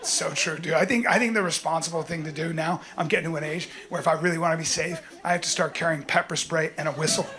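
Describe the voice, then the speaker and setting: A middle-aged man performing a stand-up comedy set, rambling through stories with animated acted-out bits. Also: fairly high pitch, fast talker, hardly any pauses, a crowd in the background. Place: comedy stage. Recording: live stage recording with audience noise.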